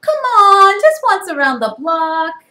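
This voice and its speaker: A woman putting on a high-pitched, whiny cartoon pigeon from a picture book who begs and badgers without letup. Its voice jumps up loud and shrill, and the room around it rings with echo. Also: sing-song, slow pace, exaggerated voice. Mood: demanding. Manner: whiny, begging, bursts into loud squawks. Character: pushy pleading male cartoon pigeon. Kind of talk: picture book read-aloud. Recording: echoey room.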